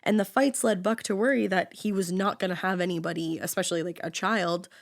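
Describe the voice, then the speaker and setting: A woman's voice: mid-range voice, steady tone, a little fast. A young woman co-hosting a podcast, telling a true-crime story in casual chat with sarcastic asides and casual swearing.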